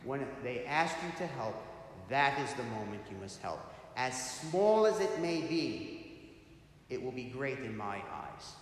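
A man speaking as a gentle, patient Christ figure who teaches calmly, in an echoey hall. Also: mid-range voice, unhurried. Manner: calm, instructive. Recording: echoey hall, faint hiss.

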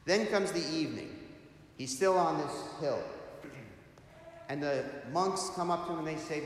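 A man's voice: a little high, normal speed, pauses often. A man preaching a sermon, telling a story and posing rhetorical questions to his listeners. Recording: echoey hall, faint hiss.

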